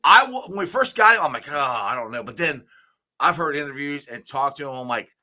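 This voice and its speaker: A man hosts a casual sports talk show, and his voice has a bright, forceful edge. He rambles comfortably through his opinions and often lets his sentences fade out. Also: fairly high pitch, sing-song, a little fast, slight background noise. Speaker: sports podcast host.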